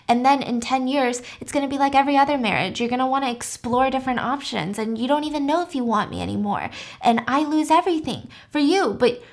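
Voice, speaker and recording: A manipulative young woman , as a woman narrator puts her on, pleads and coaxes in a persuasive, slightly higher voice. She sounds like a person being retold in a casual story rather than fully acted. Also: quick pace. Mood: pleading.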